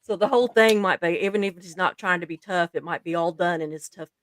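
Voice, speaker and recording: A woman's voice: fairly low pitch, quick pace, a bit bright. A woman co-hosting a casual chat, talking in a giggly, chatty way. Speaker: co-host.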